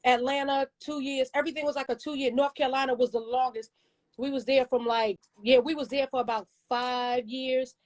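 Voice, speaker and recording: Guest singer, woman with a Baltimore accent, high-voiced, joking and quick to tell stories, heard over a video call. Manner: joking, animated storyteller. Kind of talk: casual interview chat.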